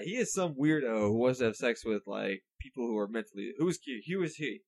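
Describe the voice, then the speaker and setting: A man's voice: mid-range voice, expressive, brisk, hardly any pauses, a little mellow. A man co-hosting a casual comedy podcast, rambling and joking with lots of "like". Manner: rambling, jokey, full of "like". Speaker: podcast co-host.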